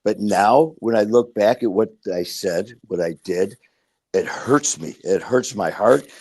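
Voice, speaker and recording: A man's voice: on the low side, a little slow, darkish tone, slightly rough, no echo. A middle-aged man from Detroit, a podcast guest telling his story with blunt, emphatic, profane candor. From Detroit, USA. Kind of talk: candid podcast conversation.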